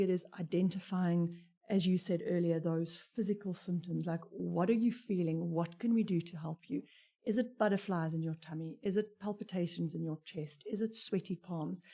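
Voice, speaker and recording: A woman with a South African English accent, explaining things in a measured way as an expert on a discussion panel. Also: on the low side, mellow. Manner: explanatory, measured, uses examples.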